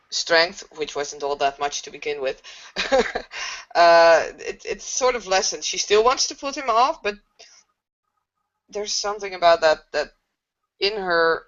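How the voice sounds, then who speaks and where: A woman playing a tabletop game, describing her character's actions in a halting, hesitant way, on a dull lo-fi recording. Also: low voice, fairly bright tone. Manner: hesitant, halting narration with fillers. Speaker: player.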